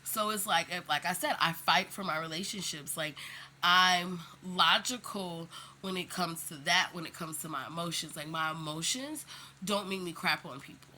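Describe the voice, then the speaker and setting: A woman's voice: lowish voice, moderate pace, sharp tone, a little hiss or hum. A woman speaking in a casual, candid monologue to camera, emphatic and slangy, rambling with lots of fillers. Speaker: vlogger.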